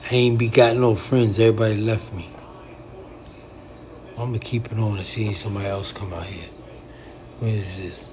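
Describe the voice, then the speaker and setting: A man's voice: fairly low pitch, fairly even intonation, moderate pace, long pauses, background noise. A middle-aged man talking straight to his livestream viewers in a blunt, profane, repetitive rant. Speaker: poet and livestreamer.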